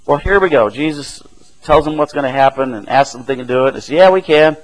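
A man's voice: medium pitch, quick pace, rough recording. A man preaching a sermon in a conversational way, often asking "right?" and chuckling as he explains the passage.

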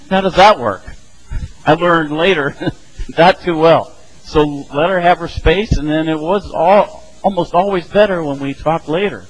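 A middle-aged man leads a relaxed Bible study at a moderate pace, his voice leaning high. He speaks conversationally and performs the quoted voices of the characters in his stories, though the recording quality is low.

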